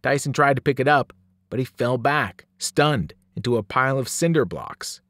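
A man, a teacher, reading a novel aloud with dramatic, animated storytelling. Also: medium pitch, moderate pace, dry recording. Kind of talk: novel read-aloud narration.

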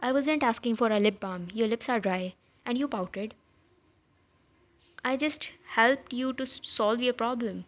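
A woman reading a fan fiction story aloud in a plain, even way, speaking all of the parts herself. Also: a little high, unhurried. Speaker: story narrator. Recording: slightly dull lo-fi sound.

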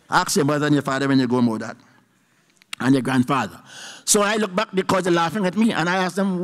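A man with a Trinidadian accent delivers an emphatic speech to an audience, his voice sitting a little high. He drags out his key points slowly and repeats them. The sound carries a long reverb from a large hall. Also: fairly even intonation. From Trinidad and Tobago. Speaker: university professor giving a budget response.

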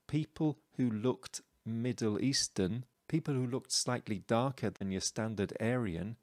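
A man's voice: fairly low pitch, no room sound, clean studio sound. A man explaining a song's cultural references in a chatty, explanatory lesson style. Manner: chatty, explanatory, with asides like "okay?" and "shall we say". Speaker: educator explaining a song.

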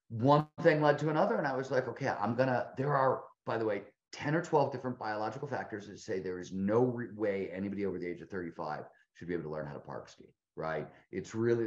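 A man in his fifties, a guest author telling a long story in a casual interview, rambling with frequent restarts and fillers. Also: lowish voice. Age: 50s. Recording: roomy, dull lo-fi sound.

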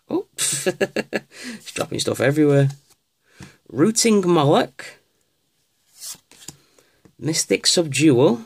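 A man casually opening card packs on camera, reading out card names with excited exclamations. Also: high-pitched, creaky. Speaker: card pack opener. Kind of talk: casual unboxing commentary.

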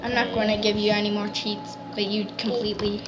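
A woman hosting a let's play, chatting excitedly and explaining the game as she goes. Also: mid-range voice, a little fast, background noise. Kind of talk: casual gameplay chat.

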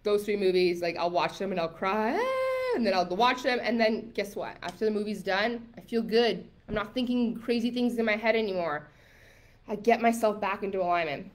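A woman's voice: medium pitch, fairly quick. Chatty woman coaching a live masterclass. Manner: chatty and emphatic, many likes and rights; reads viewer comments aloud.

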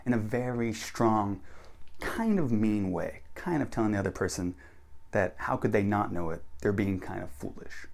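A man's voice: moderate pace, creaky. An American man hosting a casual English lesson, explaining slang and acting out example sentences with big swings in his voice. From United States. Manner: animated, acts out example sentences with big pitch jumps. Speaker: English teacher, channel host.

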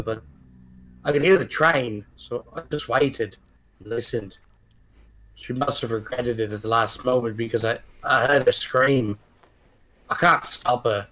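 A man's voice: medium pitch, fairly bright tone, lightly acted. Mock dock worker accent, slipping Australian, grim male witness, haunted storyteller, a man putting it on.

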